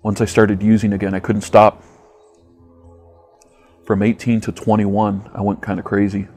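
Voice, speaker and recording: A man with a low, level voice recounts his past as a survivor in a matter-of-fact testimony. Soft music plays faintly behind him. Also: little pitch movement, normal speed. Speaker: survivor telling his story. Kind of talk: personal testimony monologue.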